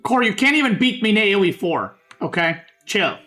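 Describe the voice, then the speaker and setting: A man casting a strategy game on his stream in a fairly high voice. He teases his chat, swears casually and keeps things loose, with keyboard typing in the background. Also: big pitch swings, fairly quick, pushed and bright, soft background music. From Serbia. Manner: joking, bickering with chat, swears.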